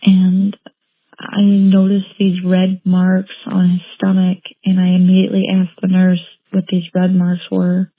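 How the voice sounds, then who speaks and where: A woman telling her own painful story as an interviewee, halting and repeating phrases as she recounts what happened. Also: on the low side, gravelly, husky, no echo. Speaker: interviewee, bereaved mother. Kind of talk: emotional personal account. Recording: tinny phone-like line, dry.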